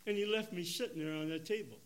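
An older man delivers a sermon testimony. He swings between loud, emotional bursts and hushed, quiet lines, in a slightly high voice. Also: quick pace. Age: 70s. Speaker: preacher.

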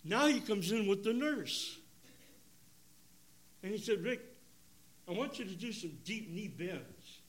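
An older man delivers a sermon testimony. He swings between loud, emotional bursts and hushed, quiet lines, in a slightly high voice. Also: sing-song, slow pace, long pauses. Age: 70s. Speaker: preacher.

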